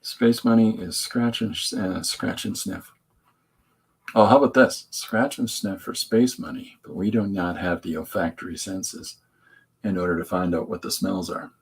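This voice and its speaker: A man hosts a drawing stream, joking and wandering between thoughts. His voice sits low and rough, with gravel in it and a husky edge. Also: normal speed, poor audio. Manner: joking, meandering, lots of restarts. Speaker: host drawing comics on a stream. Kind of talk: rambling live-stream chat while drawing.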